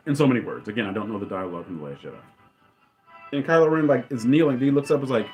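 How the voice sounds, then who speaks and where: A man in casual commentary, rambling and enthusiastic as he retells a movie scene and acts out lines in quick voices. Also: medium pitch, big pitch swings, darkish tone, faint music behind. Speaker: podcast host.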